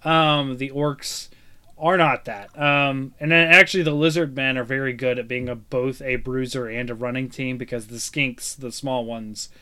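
A man with a bright, clean, clear voice co-hosts a relaxed gaming chat. He rambles enthusiastically and leans on fillers like "um" and "like." His pitch sits in an ordinary middle range. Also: normal speed. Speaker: podcast co-host.

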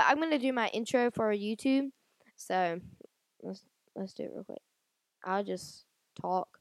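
On her own laid-back podcast, a woman with a somewhat high voice speaks at a moderate pace in a dry recording made with a handheld audio recorder. She rambles chattily, leaning on many fillers and restarting her sentences.

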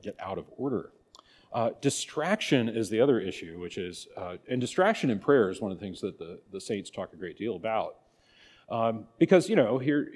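A man's voice: fairly low pitch, darkish tone. A man teaching a church catechism class in a folksy, conversational way, acting out little asides. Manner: folksy, conversational, with many restarts and acted asides. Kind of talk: casual catechism class talk.

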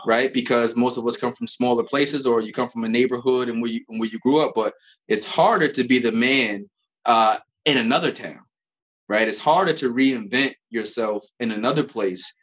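A man's voice: medium pitch, moderate pace, fairly bright tone. A man from Albany, New York, telling stories as a guest in a casual chat, rambling with many restarts. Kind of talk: casual conversational storytelling.

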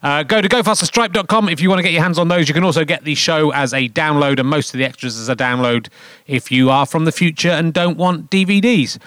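A man in his fifties with a noticeably high speaking voice hosts a comedy podcast from a theatre stage. He rambles, trips over his own sentences and undercuts himself with jokey, self-mocking asides. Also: fast talker, a bit bright. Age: 50s. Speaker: podcast host. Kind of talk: comic live podcast hosting on stage.

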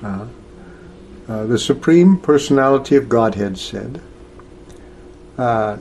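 A man leads a scripture lesson at a very slow pace, stopping often and filling the gaps with filler sounds. His voice sits at a middle pitch, and a faint background noise runs under it. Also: expressive, creaky, a little mellow. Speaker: scripture teacher. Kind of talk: lecture on scripture.

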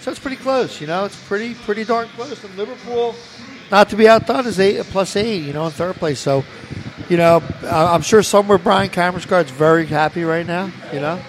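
A man's voice: high-pitched, a little fast, slight background noise. A man co-hosting a casual soccer talk show, chatty and argumentative, with lots of "you know.". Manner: chatty, fills with "you know" and restarts, argues points. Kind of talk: casual sports chat.

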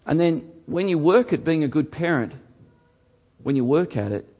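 A man's voice: a little high, lively intonation, normal speed, warm tone, husky, muffled recording. A middle-aged man preaching a sermon, earnest and emphatic, often repeating words for stress. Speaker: pastor.

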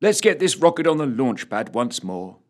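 A man's voice: mid-range voice, very animated, moderate pace, voice pushed up. A man voicing a mild, content old soldier of about seventy who works as a cook. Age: older. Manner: mild, gentle.

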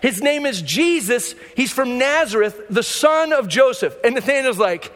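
A man's voice: extremely high pitch, animated, normal speed, hardly any pauses, a bit bright, big-room sound. A man preaching a sermon as pastor, talking conversationally and repeating key lines for emphasis. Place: church sanctuary.

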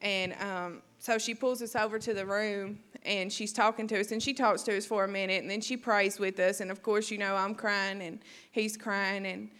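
Young woman, emotional church testimony, halting, lots of fillers, average pitch. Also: steady tone, a bit bright. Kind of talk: personal testimony.

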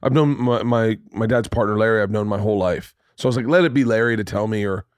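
A man's voice: lowish voice, quick pace, smooth, no echo, clean studio sound. A man in his thirties hosting a podcast, telling a story in casual, profane chat and acting out the lines he quotes. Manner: animated, profane storyteller who acts out quotes. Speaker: podcast host. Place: home studio room.

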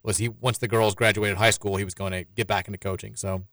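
A man hosting a sports talk show, reading listener messages aloud in a quick, rambling flow. His speech runs fast, and the studio sound is dry and close. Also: on the low side, little pitch movement, fairly bright tone, no echo. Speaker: sports radio host.

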